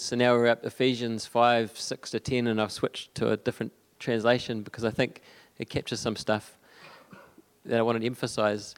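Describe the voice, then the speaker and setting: A young man giving a conversational sermon, halting often with fillers and restarts. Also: medium pitch, level tone, clear, resonant tone. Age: young adult. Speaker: preacher.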